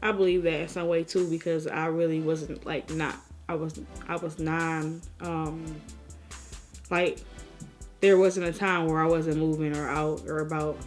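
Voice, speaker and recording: Young woman doing a storytime vlog, low-ish voice that jumps all over, a little music in the back. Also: measured pace. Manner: animated storyteller acting out people. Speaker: vlogger.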